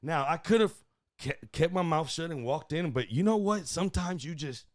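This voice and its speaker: A man from Houston, hosting a podcast and telling a profane story in casual chat, swinging from loud bursts to hushed asides. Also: a little high, animated, moderate pace, no echo, clean studio sound. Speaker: podcast host.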